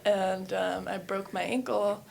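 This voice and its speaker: A woman's voice: mid-range voice, fairly even intonation, a little slow, gravelly, a little hiss or hum. A woman in her thirties, a yoga studio owner, telling her life story candidly in a casual interview, with many fillers. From New Hampshire and West Virginia.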